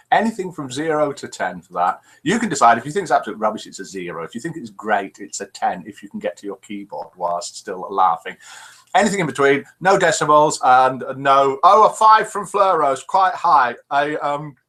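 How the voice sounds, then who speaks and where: Lively, cheeky British male host. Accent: British English. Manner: cheeky, playful joke-telling with wide pitch swings. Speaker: host of a live online show. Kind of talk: chatty live-stream hosting, reading out viewer messages.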